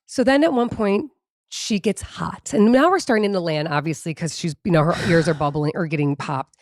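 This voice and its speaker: A woman co-hosting a podcast, telling a story in a dramatic, profane, animated way. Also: lowish voice, moderate pace, no room sound, clean studio sound. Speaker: podcast co-host. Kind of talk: casual storytelling chat.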